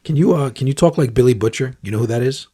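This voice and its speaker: A man co-hosts a podcast in excited, laughing banter. His voice sits in an ordinary middle range. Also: medium pitch, fast, husky. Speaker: podcast co-host. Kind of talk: casual chat.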